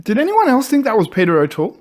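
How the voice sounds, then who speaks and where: A man hosting a casual movie review panel, retelling scenes with lively acted-out quotes. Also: extremely high pitch, fast talker. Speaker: panel host.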